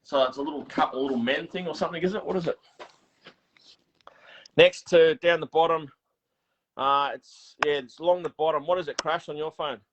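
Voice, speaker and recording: A fairly high-voiced Australian man chats and spins stories as the host of a relaxed workshop catch-up. He restarts his sentences often and laughs easily. The sound is dull and lo-fi, like a video call. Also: a little hiss or hum. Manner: chatty storyteller, quick and laughing, many restarts. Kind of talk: casual chat. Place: home workshop.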